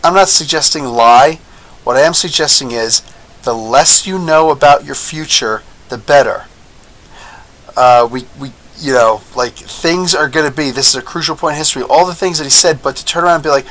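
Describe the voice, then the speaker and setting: A man giving a casual, chatty review of a TV episode, excitable, with lots of fillers and frequent laughs. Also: on the high side, moderate pace, poor audio. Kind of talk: casual video review commentary.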